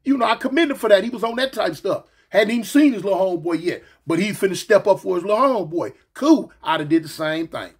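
Male storyteller, casual and slangy, husky voice pitched high, animated delivery. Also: fast talker, few pauses. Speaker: storyteller recounting his past.

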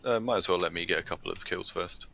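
Deep gravelly man gaming. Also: fast, sharp tone. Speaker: gamer. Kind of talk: casual co-op gameplay chat.

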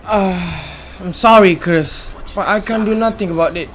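A man hosting a gaming channel, giving excitable let's play commentary, yelling at enemies and laughing. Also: sits high, moderate pace.

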